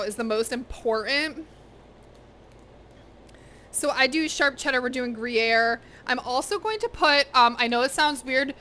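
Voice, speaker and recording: Bright-voiced woman chatting while cooking. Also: on the high side, slight background noise. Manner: chatty, talks to chat and to her pets. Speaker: cooking streamer. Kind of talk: casual livestream chat while cooking. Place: home kitchen.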